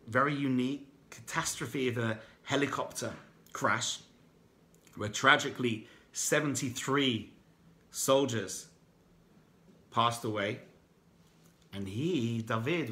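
A man teaches a Torah class as a rabbi. His voice is bright and clear, at a middle pitch. He tells the story with energy and acts out each character's lines himself.

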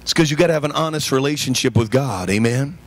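A man preaching a sermon as pastor, animated and humorous, acting out everyday scenes and raising his voice to make a point. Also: medium pitch, fast. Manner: animated and humorous, acting out phone calls with raised voice.

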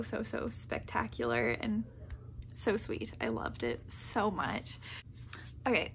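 Casual vlogger: a woman, gushing and rambling, with a gravelly edge and a bright tone. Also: on the high side, slight background noise. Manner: rambling and gushing, heavy with "like" fillers; laughs often mid-sentence. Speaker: book vlogger. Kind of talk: casual vlog chat.

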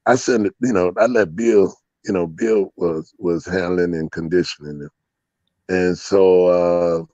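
Profane, rambling man, low voice. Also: steady tone, unhurried, a little mellow, no room sound, highs cut off. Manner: rambling, profane, laughing storyteller with many fillers. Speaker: interview guest, dog breeder. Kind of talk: casual storytelling interview.

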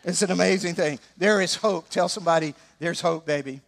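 A man with an Alabama Southern accent preaching a sermon as pastor, animated and throwing joking asides to the congregation. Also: fairly high pitch, a little fast, creaky.

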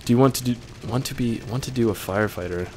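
A man's voice: medium pitch, fast, slight background noise. A young man reading viewer questions aloud and answering them in a casual, joking way, swearing now and then.

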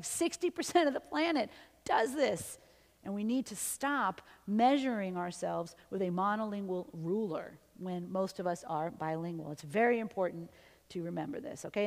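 Woman, linguist, conversational lecture, mixes English and Spanish, tag questions, long hall reverb. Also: medium pitch. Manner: lively, often ends points with "okay?" or "right?"; switches between English and Spanish. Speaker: linguist giving a symposium talk.

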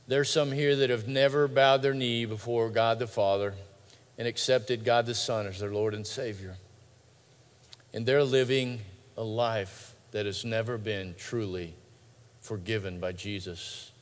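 A male pastor preaching a sermon in a large church, swinging between loud urgent pleading and quiet hushed lines. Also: lowish voice, fairly even intonation, a little slow. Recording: long hall reverb.

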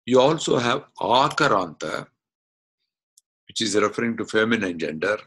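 A man teaching an online class, explaining slowly step by step and asking questions as he goes. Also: lowish voice, animated, a bit bright, husky. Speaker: Sanskrit teacher. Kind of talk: online lesson. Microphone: video call.

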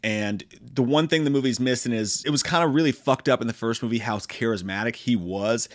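A man's voice: mid-range voice, a little fast, no echo, clean studio sound. A man giving a casual, profane and joking spoken movie review. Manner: profane, joking, animated retelling.

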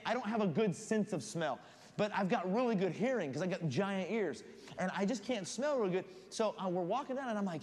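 A guest preacher telling a comic story in his sermon, animated and building suspense. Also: high voice. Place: church sanctuary. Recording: long church reverb, faint room noise.

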